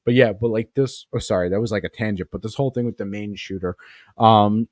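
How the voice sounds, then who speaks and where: A man's voice: on the low side, brisk, a little mellow, no echo, studio quality. A man hosting a podcast, telling rambling, profane stories full of tangents. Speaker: podcast host. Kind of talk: casual storytelling.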